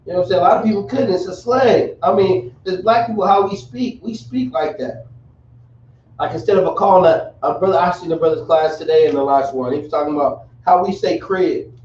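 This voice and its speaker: A high-voiced man teaches a classroom language lesson, sounding out each word slowly and breaking into casual slang asides. He is heard from a distance in a roomy space, and the sound is muffled, with faint noise underneath. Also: a little mellow.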